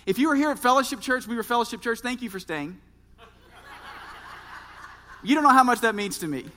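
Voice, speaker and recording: A man's voice: very high voice, animated, a little fast, bright, forceful tone. A man in his thirties, a pastor preaching a sermon and speaking earnestly and directly to his congregation. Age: 30s. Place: church. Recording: reverberant church hall.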